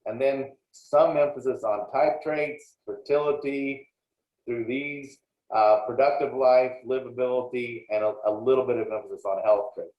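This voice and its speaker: A man's voice: medium pitch, fairly even intonation, normal speed. A man giving a plainspoken, explanatory lecture on dairy breeding, with frequent small restarts. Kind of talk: recorded slide lecture. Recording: roomy, dull lo-fi sound.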